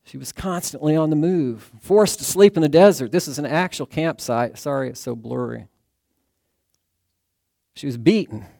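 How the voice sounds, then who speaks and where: A man preaching a sermon, telling a rescue story in an earnest storytelling way that sinks to a hush at the tense moments. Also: a little high, moderate pace, creaky, no room sound, studio quality. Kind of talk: sermon illustration told as a dramatic story.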